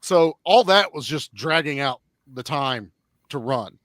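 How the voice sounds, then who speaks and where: Blunt, profane man, fairly high voice. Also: unhurried, no echo, clean studio sound. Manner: blunt, profane, animated storytelling. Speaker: panelist reviewing a film. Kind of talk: casual chat.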